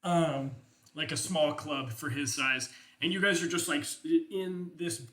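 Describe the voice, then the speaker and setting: A man's voice: a little high, measured pace, fairly bright tone. A man narrating as game master in a loose, rambling way, full of fillers and casual swearing. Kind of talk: improvised tabletop game narration.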